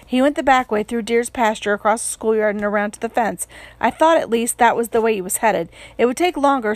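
A woman narrating an audiobook in a steady, measured voice, pitched somewhat high. The recording is close and dry, with no room sound. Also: dry recording. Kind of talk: audiobook reading.

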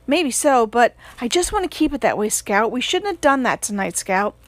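A stubborn, quietly determined boy from a storybook, voiced by a woman reader, terse and firm. The voice sits a little high and the sound is dry. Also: sing-song, normal speed, no echo.

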